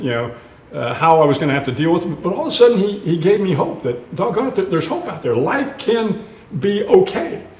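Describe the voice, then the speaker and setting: A man's voice: on the high side, a little mellow. A man in his sixties, an author and retired admiral, telling personal stories earnestly in a live onstage conversation, with frequent restarts and fillers. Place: live event stage. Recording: roomy hall sound.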